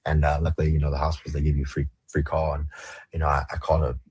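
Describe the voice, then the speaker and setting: A man's voice: extremely low pitch, monotone, rapid-fire, darkish tone, breathy edge, no room sound. A man from the Los Angeles area, a podcast guest telling his story in casual, slang-heavy, profane talk. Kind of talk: storytelling interview.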